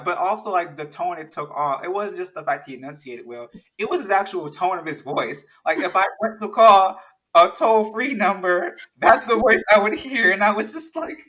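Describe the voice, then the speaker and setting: A man talking in a casual, animated chat, rambling with many restarts. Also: high voice, low-quality recording.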